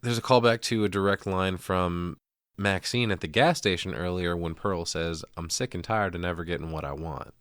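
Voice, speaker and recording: A man's voice: low-pitched, a bit bright, no room sound, studio quality. A man co-hosting a podcast, casually recapping a horror movie scene by scene with profane jokes and laughter. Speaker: podcast co-host. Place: podcast studio.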